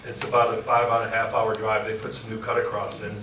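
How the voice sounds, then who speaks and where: A man's voice: lowish voice, quick pace. A man who hosts talk radio giving a frank, joking motivational talk to a live audience. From Upper Michigan. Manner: frank, joking, animated storyteller. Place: indoor meeting room with audience. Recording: echoey room, far from mic, noisy.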